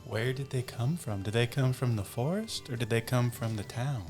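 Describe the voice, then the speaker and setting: A man's voice: mid-range voice, normal speed, darkish tone, faint music behind. A man playing a tabletop game, asking questions and joking in character. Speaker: player. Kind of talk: casual tabletop play.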